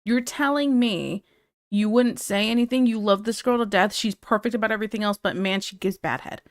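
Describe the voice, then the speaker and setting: A woman's voice: mid-range voice, brisk, no echo, studio quality. A woman live streamer chatting casually with her viewers, blunt and candid, laughing often. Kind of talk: casual chat reacting to viewer comments.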